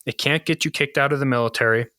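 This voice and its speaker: A man in his thirties from the United States, a podcast host telling profane, animated anecdotes in casual chat. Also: medium pitch, fast talker, no room sound, studio quality.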